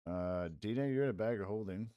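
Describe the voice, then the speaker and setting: A man's voice: fairly low pitch, fairly quick, smooth, no room sound, highs cut off. A man acting as game master, narrating a tabletop game in a loose, rambling way with frequent chuckles.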